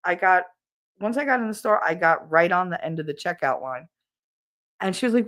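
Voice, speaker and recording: A woman's voice: fairly low pitch, normal speed. Laughing, swearing middle-aged woman host. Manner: animated, laughing storyteller who swears freely. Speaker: podcast host. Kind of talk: casual livestream chat with viewers.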